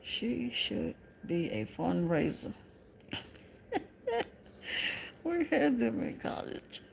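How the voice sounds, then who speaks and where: A woman's voice: a little high, sing-song, extremely slow, creaky, darkish tone, a little hiss or hum. A Southern American woman hosting a casual livestream, laughing often and teasing her viewers as she reads their comments. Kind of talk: casual live chat.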